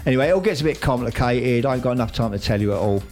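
A man tells a soap opera story in a loose, slangy way, wandering off on asides and then hauling himself back with "anyway". His pitch sits in the middle range, and faint music plays behind him. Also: animated, rapid-fire, a little mellow. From United Kingdom. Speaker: radio show regular recapping a soap opera. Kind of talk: casual chat.

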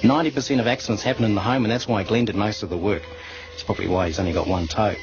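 A gruff, crass old Kiwi bloke with a New Zealand accent, grumbling from a hospital bed, as a man acts him out in a radio comedy sketch. The voice sits low, and the old radio clip sounds dull, with music playing under it. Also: fairly even intonation, very fast, close to an everyday voice. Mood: sentimental. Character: crude dying old Kiwi dad, gruff and stingy.

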